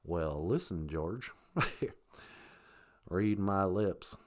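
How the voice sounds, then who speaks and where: Woman putting on a gruff deep older politician. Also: lively intonation, a little hiss or hum, heavily acted. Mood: stern mocking. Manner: slow, clipped, mocking impersonation. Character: deep-voiced older male president, folksy, stern.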